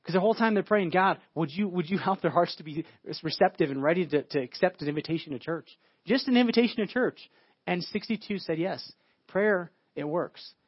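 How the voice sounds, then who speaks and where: A male pastor preaches in a quick, slightly high voice, piling up stories and stumbling over his own restarts. The sound is dry and close, a little dull and lo-fi. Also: animated, husky, no echo. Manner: storytelling, repeats words and restarts often. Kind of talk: sermon. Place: church.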